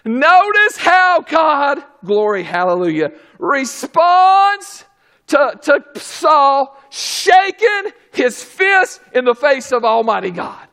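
A man preaching a sermon who swings between quiet asides and shouted exclamations, calling out praises as he goes. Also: very high-pitched. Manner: calls out "glory, hallelujah".

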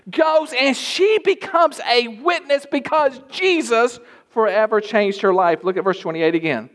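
A man preaching a sermon in a church, emphatic and at times rising to shouts. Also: extremely high pitch. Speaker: pastor.

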